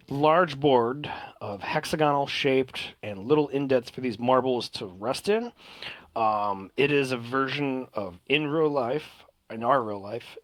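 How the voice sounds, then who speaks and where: A man runs a tabletop game, describing the scene in a loose, rambling way with lots of fillers. His pitch sits mid-range, and the sound is dry and close with no room around it. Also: fairly bright tone, dry recording. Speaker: game master.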